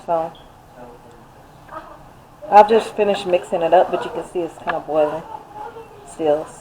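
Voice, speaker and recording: A woman's voice: lowish voice, measured pace, noisy background. A woman chatting casually to viewers while cooking in her home kitchen, calling them y'all. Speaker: cooking vlogger.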